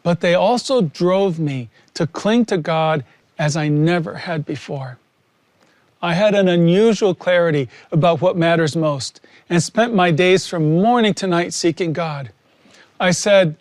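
High-voiced earnest male preacher, dry sound. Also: darkish tone, dry recording. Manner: earnest, slow and emphatic with long pauses. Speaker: preacher sharing testimony. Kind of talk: sermon testimony.

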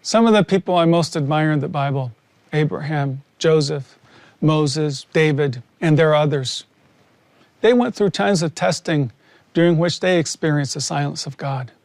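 A man with a high voice preaches a personal testimony in an earnest, emphatic way, pausing often for weight. The sound is close and dry, with no room around it. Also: a little mellow, no echo. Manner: earnest, slow and emphatic with long pauses. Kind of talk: sermon testimony.

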